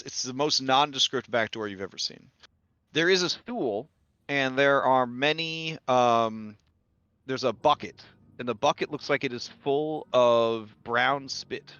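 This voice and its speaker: A man narrating as game master, describing scenes in a halting way with many pauses and fillers. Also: mid-range voice, sharp tone, smooth, no room sound. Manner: halting, many ums and uhs. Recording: dull lo-fi audio with faint music.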